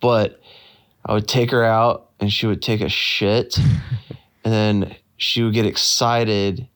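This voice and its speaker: A man telling a casual personal story in a slow, easygoing way. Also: fairly low pitch, little pitch movement, fairly bright tone.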